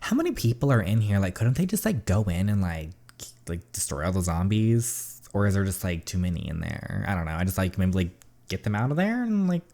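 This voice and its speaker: A man hosting a gaming channel, reading a story game aloud and breaking off to chat about it. He talks in an excitable, rambling way, with lots of filler words, in a lowish voice. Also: fairly quick, creaky. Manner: chatty, many "like" fillers, excitable.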